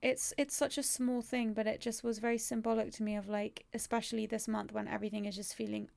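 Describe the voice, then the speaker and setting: A woman in her thirties talks in a loose, rambling way, with a strong gravelly fry under a somewhat high voice. She is candid and swears freely in casual conversation. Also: flat delivery, fast talker, darkish tone. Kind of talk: casual conversation about grief.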